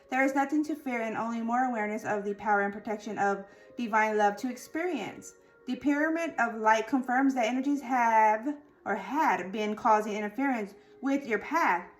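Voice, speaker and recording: A woman with a slightly high voice giving a tarot and oracle card reading. She reads the card meanings aloud in a steady flow. Between readings her voice drops to quiet, murmured asides. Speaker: tarot reader.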